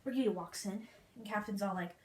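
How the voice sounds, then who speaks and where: A young woman retelling a musical in a fast, playful, slangy way, acting out the quotes, recorded in a room with faint noise. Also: mid-range voice, a little mellow, reverberant. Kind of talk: hyper comic retelling.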